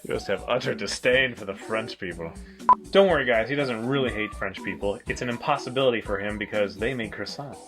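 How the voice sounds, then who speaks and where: A man's voice: fairly low pitch, fairly quick, over music. A man hosting a board game review show in easygoing, casual chat with plenty of fillers. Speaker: host.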